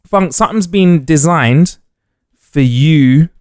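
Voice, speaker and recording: A man's voice: fairly high pitch, takes it slowly, no echo, clean studio sound. A man co-hosting a podcast, telling jokey stories in casual slang. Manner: animated, jokey storytelling with slang. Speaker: podcast co-host. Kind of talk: casual chat.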